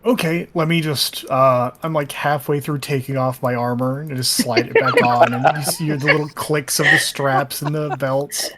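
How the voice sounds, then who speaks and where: A man's voice: medium pitch, fairly even intonation, moderate pace, hardly any pauses, fairly bright tone. A man playing a tabletop game, chatty and joking about his character. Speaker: player. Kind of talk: casual tabletop game chat.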